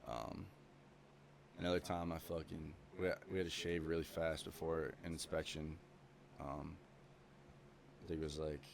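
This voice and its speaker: A man's voice: rumbling low, little pitch movement, normal speed, vocal fry, slight background noise. A young man talking as a podcast guest, telling stories in a rambling way with lots of swearing and fillers. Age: young adult. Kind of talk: casual chat.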